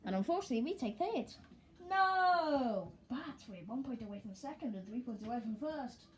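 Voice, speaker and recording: A woman commentating casually and excitably on her own football video game as she plays. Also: a little high, fast talker. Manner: chatty and excitable, talking to herself over gameplay. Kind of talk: let's play commentary.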